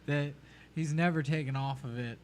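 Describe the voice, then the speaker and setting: A man's voice: on the high side, fairly even intonation, normal speed, a little mellow, a little hiss or hum. A man chatting casually and enthusiastically, dropping 'dude' often. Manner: enthusiastic, says dude a lot. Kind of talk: casual chat.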